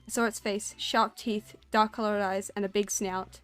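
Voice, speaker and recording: A woman's voice: medium pitch, flat delivery, moderate pace, a bit bright, clear, resonant tone. A woman streamer reading a spooky story aloud and chatting with her audience. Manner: storytelling, then chatty and self-conscious.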